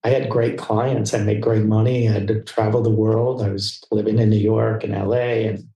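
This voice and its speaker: A man's voice: lowish voice, flat delivery, dark tone. Man telling stories in a roomy echo. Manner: fast, tumbling anecdotes with restarts. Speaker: guest. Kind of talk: storytelling in casual interview.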